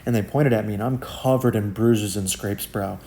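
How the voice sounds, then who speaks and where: A man's voice: on the low side, moderate pace. A young man telling wild personal stories in a casual, slangy monologue. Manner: slangy, animated, acts out quotes in shifting voices. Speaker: content creator telling life stories.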